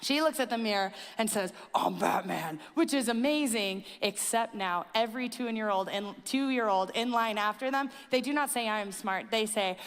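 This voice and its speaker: A young woman pastor preaching a conversational sermon, telling animated stories with casual fillers. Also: on the high side, moderate pace, few pauses, smooth. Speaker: student ministry and teaching pastor. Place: church auditorium. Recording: church hall with long reverb.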